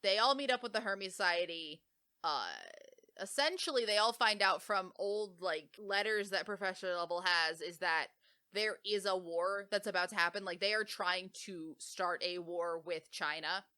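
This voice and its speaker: Bright-voiced woman, chatty and rambling. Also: mid-range voice, normal speed, clear, resonant tone. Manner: rambling, heavy on "like" fillers, self-correcting. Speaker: podcast co-host. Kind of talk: casual book summary.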